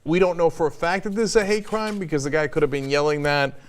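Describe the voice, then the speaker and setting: A man's voice: on the high side, fairly even intonation, quick pace. A middle-aged man hosting an online news show, arguing his opinions bluntly and swearing casually. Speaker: news commentary host.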